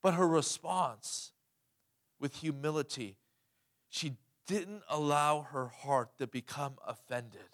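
A man's voice: fairly high pitch, takes it slowly, a bit bright. A male pastor preaching a sermon, emphatic, asking the congregation questions and calling for amens. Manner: emphatic, asks the crowd questions, calls "Amen?".

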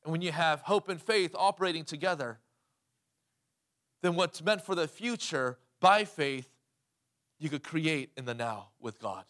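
Emphatic male preacher, fairly high voice. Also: expressive, measured pace, pauses often, a bit bright. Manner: emphatic, asks the crowd questions, calls "Amen?". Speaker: pastor. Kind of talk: sermon.

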